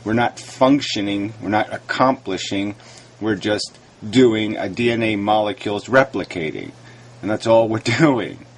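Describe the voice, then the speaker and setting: Frustrated and argumentative, a video blogger rants into his camera to rebut a critic, raising his voice and swearing. He speaks with a fairly low, expressive voice at a slightly slow pace.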